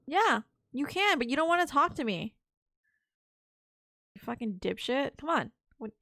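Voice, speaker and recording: Young woman streamer, higher voice, loose chatty commentary with frustrated swearing. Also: big pitch swings, unhurried, sharp tone, dry recording, studio quality. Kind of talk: casual live-stream commentary while playing.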